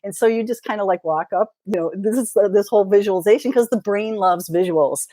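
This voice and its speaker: A woman's voice: medium pitch, fairly quick, mellow, no echo. A middle-aged woman, a mindset coach, talking brashly and casually in an interview and swearing freely.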